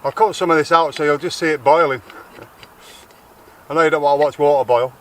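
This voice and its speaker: A man's voice: fairly high pitch, steady tone, brisk, a little hiss or hum. A man from Lancashire rambling chattily in a casual outdoor vlog, correcting himself as he goes. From Lancashire, England. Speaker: vlogger. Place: outdoors in a garden.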